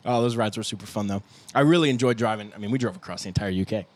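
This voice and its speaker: A man's voice: on the low side, very fast. A young man co-hosting a casual band podcast, joking and laughing a lot and acting out what people said. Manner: jokey, laughs often, acts out quotes. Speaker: podcast co-host, band guitarist. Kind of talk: casual chat.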